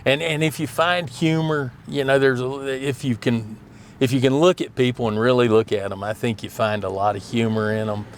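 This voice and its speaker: A man's voice: medium pitch, fairly even intonation, moderate pace, slight background noise. A middle-aged man, telling rambling, folksy stories and often laughing. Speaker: storyteller. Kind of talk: casual storytelling.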